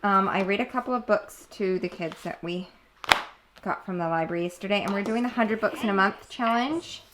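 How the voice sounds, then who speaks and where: A woman's voice: mid-range voice, a little fast. A woman narrating a casual home vlog as a homeschooling mother, chatty and self-deprecating, often laughing. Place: busy family home. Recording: noisy home background.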